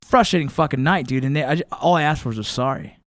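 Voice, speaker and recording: A man with a high, quick voice tells a grievance story in a rush, swearing at every turn. His voice sits dry and close to the mic. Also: no room sound. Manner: animated storyteller, swears a lot. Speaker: podcast regular. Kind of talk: casual profane chat.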